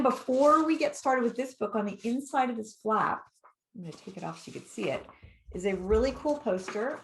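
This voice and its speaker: A middle-aged woman, a children's author, reading her picture book aloud to kids in a lively, encouraging way and asking them questions. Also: mid-range voice, slight background noise. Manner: lively, animated and encouraging, with questions put to young listeners. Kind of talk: read-aloud storytime for kids.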